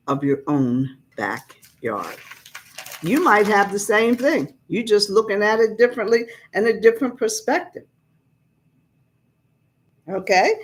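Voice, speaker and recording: A woman preacher leads a conversational Bible lesson. She talks plainly and casually. She explains old scripture in everyday words, with an ordinary middle pitch.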